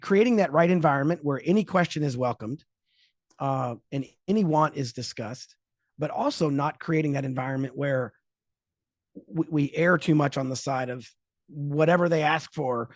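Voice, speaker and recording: Male podcast host, somewhat high pitch, probing, thinks aloud. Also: moderate pace, no room sound, studio quality. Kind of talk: casual podcast interviewing.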